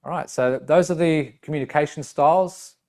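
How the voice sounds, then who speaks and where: A man's voice: fairly high pitch, moderate pace, dark tone. Man teaching, "right?" after each point. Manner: explanatory, checks in with "right?" and "okay"; acts out short voice samples. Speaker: coach trainer. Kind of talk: teaching talk with demonstrations.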